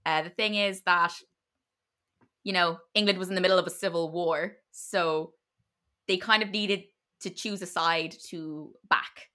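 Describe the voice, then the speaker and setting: A woman's voice: lowish voice, fairly even intonation, unhurried, pushed and bright. A woman casually retelling a history story to her podcast co-host, chatty and loose, with many fillers and restarts.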